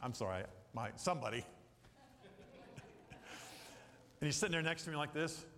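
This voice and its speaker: A middle-aged man delivers a sermon in a fairly high voice. He rambles, breaks into jokey asides and acts out little quotes. A long hall reverb trails his words. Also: animated, measured pace, a bit bright. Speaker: pastor.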